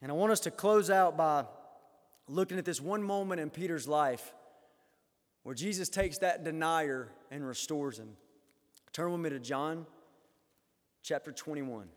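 A man preaching a sermon, rising loud when quoting scripture and dropping low for his own comments. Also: unhurried, pauses often. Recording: long hall reverb.

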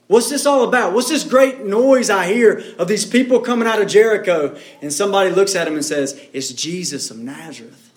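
A man preaching a sermon in a dramatic way, swinging between hushed low lines and loud cries. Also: echoey room. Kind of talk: expository sermon.

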